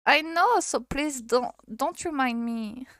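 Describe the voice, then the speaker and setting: A woman's voice: high voice, slow pace, fairly bright tone, no room sound, clean studio sound, voice pushed up, full character voice. A French woman voicing an emotional, tearful vampire woman in a game, in a plain reading voice.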